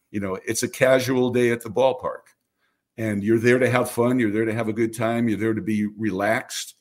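An older man, a baseball radio announcer, calmly explaining his craft in an interview with a lot of "you know". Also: lowish voice. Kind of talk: relaxed interview answers.

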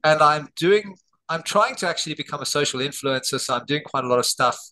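A middle-aged Australian man, a doctor and author, talking as a guest over a video call from home and telling lively anecdotes. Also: on the high side, brisk, slight background noise, rough recording. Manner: lively anecdotes, acting out quoted dialogue. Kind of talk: interview storytelling. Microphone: video call on borrowed telehealth equipment.

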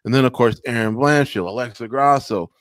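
A man co-hosting a podcast, chatting casually about fights in an animated way and slipping into mock voices. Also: medium pitch, a little fast, no room sound, clean studio sound. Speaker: podcast co-host. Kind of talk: casual MMA recap chat.

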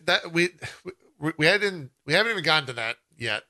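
A man's voice: on the high side, lively intonation, a little fast, bright, forceful tone. A man co-hosting a casual podcast chat, talking bluntly in choppy fragments and swearing a lot. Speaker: podcast co-host.

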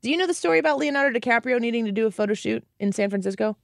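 A woman hosting a talk show, reading news stories aloud and giving animated, opinionated commentary. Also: fairly high pitch, rapid-fire, vocal fry, no echo, studio quality. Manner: animated, reads news aloud and acts out quotes. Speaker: radio show host.

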